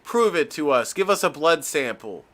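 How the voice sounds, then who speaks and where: A man's voice: fairly high pitch, very animated, normal speed, a bit bright. A man hosting a podcast who jokes and teases in casual banter and laughs often. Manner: joking and teasing, laughs often. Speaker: podcast host.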